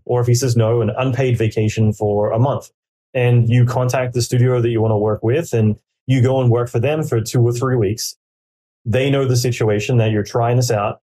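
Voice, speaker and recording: A man talks casually in a podcast interview, his voice dark and mellow. He rambles through his advice with plenty of fillers and slips into quoted inner dialogue as he goes. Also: medium pitch, fairly even intonation, moderate pace. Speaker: podcaster giving career advice.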